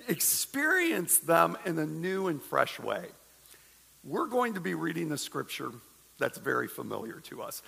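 Middle-aged male pastor, gravelly and husky, lively storytelling sermon, church hall reverb. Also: a little high. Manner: animated storytelling with humorous asides.

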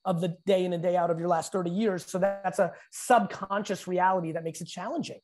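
A man's voice: sits high, fairly even intonation. Blunt, profane talk-show man. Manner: blunt, profane, rapid opinionated banter. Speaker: host. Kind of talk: casual chat.

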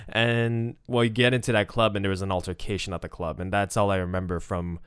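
A man's voice: on the low side, flat delivery, moderate pace, smooth, dry recording. A young adult man hosting a casual solo podcast, rambling and chatty, with restarts and laughs, into a close microphone. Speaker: podcast host.

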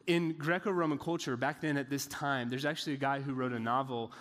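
A man's voice: medium pitch, fairly even intonation, fairly quick, a bit bright, long reverb tail. A man preaching a casual Bible lesson, talking in a loose, joking way with lots of filler words. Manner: chatty, joking asides with many "like" fillers.

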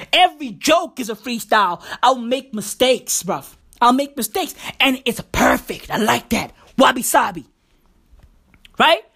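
This woman's voice sits high with a slightly bright edge. As a podcast host she delivers a rambling, foul-mouthed comedic monologue off the cuff, repeatedly dropping the slang address "bruv."

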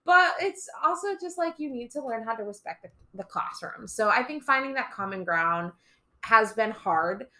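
A woman's voice: on the high side, animated, normal speed, sharp tone. A young woman, a teacher, chatting casually on a podcast, telling stories and acting out voices. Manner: chatty storyteller, acts out voices and swears for laughs.

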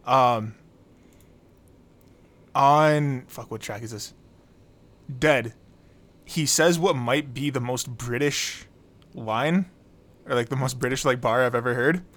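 A man co-hosting a casual music podcast, relaxed and swearing freely while breaking down lyrics. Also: medium pitch, takes it slowly, pauses often. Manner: laid-back, swears casually, stammers on restarts. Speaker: podcast co-host. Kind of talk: casual album review chat.

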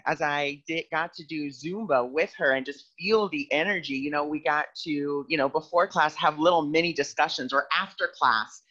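A man who is a guest on a spiritual podcast, telling stories in an animated way and acting out voices. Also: fairly high pitch, moderate pace, few pauses, highs cut off. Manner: animated storyteller who acts out quoted voices. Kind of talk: casual podcast conversation.

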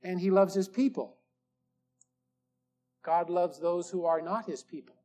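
An older man preaching a sermon, slow and emphatic, drawing out the key words. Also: high-pitched, fairly even intonation, dark tone. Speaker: pastor. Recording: old sermon tape recording.

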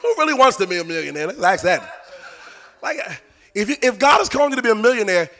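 A man preaching a sermon in a sing-song cadence that rises into shouting. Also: sits high, very animated, quick pace.

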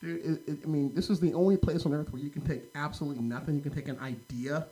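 Man, slightly high voice, casual chat, storytelling, lots of fillers. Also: fast talker, poor audio. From United States. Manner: animated anecdote-telling, heavy "like" and "right?" fillers.

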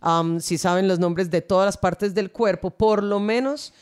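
A woman's voice: medium pitch, normal speed, clean tone. A woman co-hosting a podcast, introducing segments in a casual, upbeat way. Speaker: podcast co-host. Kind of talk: casual bilingual podcast chat.

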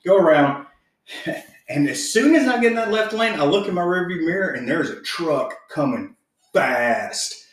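Cussing podcast guy telling a story, kinda high voice, way off the mic in a real echoey room. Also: moderate pace, recorded from a distance. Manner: profane, animated, laughs while telling. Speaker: podcast co-host. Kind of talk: casual storytelling chat.

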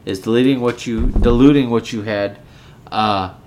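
A man's voice: medium pitch, moderate pace, a little mellow, a little hiss or hum. A drunk man hosting a podcast, rambling and swearing as he bickers with a co-host. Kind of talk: casual drunken rant.

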